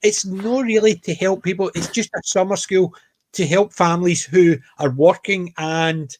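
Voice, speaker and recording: Animated Scottish man with a high voice. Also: moderate pace. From Scotland. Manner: animated storytelling, emphatic. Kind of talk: casual panel chat.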